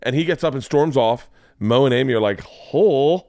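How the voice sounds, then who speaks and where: A man in his forties, a podcast host, telling a story in casual chat and acting out the quotes with lively energy. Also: mid-range voice, fairly quick, no room sound, clean studio sound. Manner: animated storyteller who acts out quotes.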